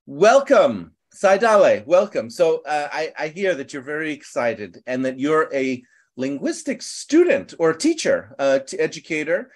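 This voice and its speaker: An American man with a slightly high voice hosts an English class online and welcomes his students. He talks loosely, with fillers like um and uh and frequent restarts. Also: very animated, normal speed. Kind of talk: casual online class chat.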